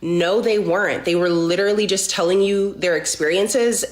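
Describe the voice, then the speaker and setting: A woman's voice: medium pitch, normal speed. A woman giving blunt advice in a clip, listing her points by number. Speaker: commentator in a played video clip. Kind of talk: direct advice talk. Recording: roomy echo.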